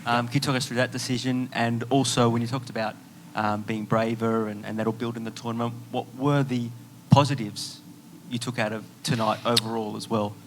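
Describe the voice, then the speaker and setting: A man's voice: mid-range voice, level tone, fairly quick, slight background noise, poor audio. A man, a reporter at a press conference, asking a long, winding question.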